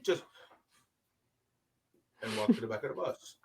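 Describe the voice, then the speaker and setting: A man chatting casually and telling stories, animated and profane, acting out what people said. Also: mid-range voice, normal speed, husky. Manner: animated storyteller, swears a lot, acts out quotes loudly. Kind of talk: casual chat.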